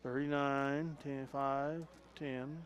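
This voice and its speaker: Folksy man calling high school football. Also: slow pace, muffled recording. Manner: folksy, excitable calls with chuckles. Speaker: play-by-play announcer. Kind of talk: local sports commentary.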